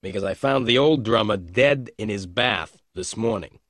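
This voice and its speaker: A man reading an audiobook as a hard-boiled male private detective who speaks quietly and levelly. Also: lowish voice, moderate pace, no echo, studio quality. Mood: calm.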